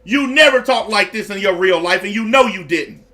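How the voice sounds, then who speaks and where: High-voiced ranting male commentator. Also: moderate pace, bright, forceful tone, soft background music. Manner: profane, blunt, repetitive ranting.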